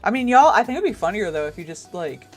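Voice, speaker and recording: A woman's voice: medium pitch, big pitch swings, fast. A young woman chats loosely on a livestream, piling up fillers and swearing without a second thought. She laughs easily and wanders from one thought to the next, with faint music under her voice. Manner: rambling, filler-heavy, swears freely, laughs often. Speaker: artist streaming for supporters. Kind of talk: casual chat on a stream.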